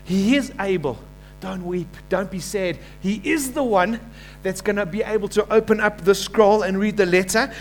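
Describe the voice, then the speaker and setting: High-voiced pastor preaching. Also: male voice, normal speed, soft background music. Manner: animated preaching, acts out quoted voices, asks congregation to repeat. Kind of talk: sermon.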